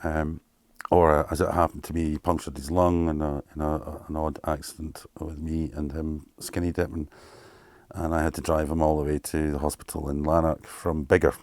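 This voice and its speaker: With an extremely low voice at normal speed, this Scottish man in his fifties, a keyboard player, is recorded dry. Being interviewed casually, he spins candid, lively stories, voicing other people's lines and cursing freely.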